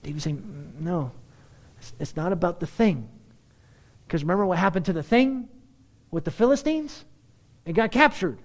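A man preaching a sermon, building to excited, emphatic peaks. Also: high voice, normal speed, long pauses. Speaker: pastor.

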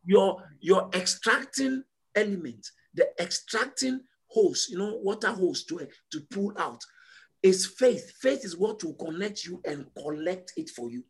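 Husky high-voiced male preacher. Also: expressive, a little slow. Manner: emphatic, repetitive, call-and-response preaching. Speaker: pastor. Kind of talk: sermon.

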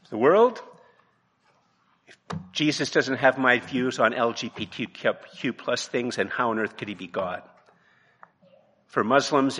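A man preaching a sermon from his notes, emphatic, dropping to a hush and then rising to loud, pressing points. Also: mid-range voice. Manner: emphatic, swings from hushed to loud.

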